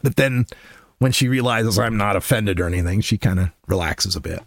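A man in his fifties telling a personal story in a casual way, animated and self-deprecating, often laughing. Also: fairly low pitch, moderate pace, gravelly, no echo. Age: 50s. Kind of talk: conversational storytelling.

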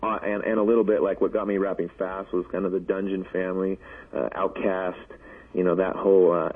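Chatty male rapper from Oregon, low and husky, heard over a tinny phone line. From Oregon, USA. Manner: relaxed, chatty. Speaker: rapper guest. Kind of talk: casual interview on a phone line.

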